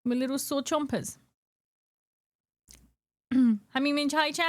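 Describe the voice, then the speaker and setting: A young woman with a high voice streams from her home desk mic, chatting and giggling with viewers. She greets people by name and slips into soft baby talk for her cat. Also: fairly even intonation, slow, pauses often. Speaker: live streamer. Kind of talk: casual chat with stream viewers.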